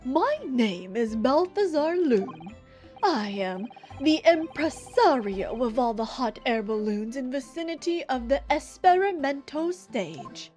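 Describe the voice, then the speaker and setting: A pompous balloon showman announces himself slowly and grandly, as a woman puts him on. The voice sits high, with soft music in the background. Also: sing-song, heavily acted.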